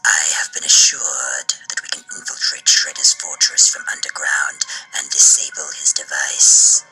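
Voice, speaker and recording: An actor playing a hissing, imperious masked villain commander in a cartoon, speaking in a hushed, hissing way. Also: male voice, a bass voice, little pitch movement, a little slow, slightly rough, in a whisper, soft background music, exaggerated voice, rough recording. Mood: scheming. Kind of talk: cartoon voice acting.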